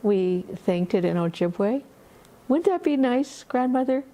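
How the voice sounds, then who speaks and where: A woman voicing an eager little boy, a grandson speaking in a high, sing-song, pleading way. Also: animated, unhurried, mellow. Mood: coaxing.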